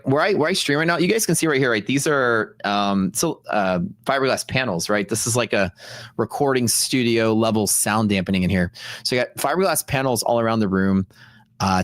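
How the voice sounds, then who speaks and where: A livestream host with a fairly low-pitched voice rambles casually, repeating himself for emphasis. He speaks into a close studio dynamic mic in a sound-dampened home streaming room lined with fiberglass panels, so there's no room sound.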